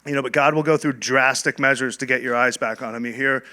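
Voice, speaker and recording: A man's voice: medium pitch, fairly even intonation, quick pace, pushed and bright. A man, a church leader, telling his personal testimony to a church group in a candid, conversational way with frequent ums and restarts.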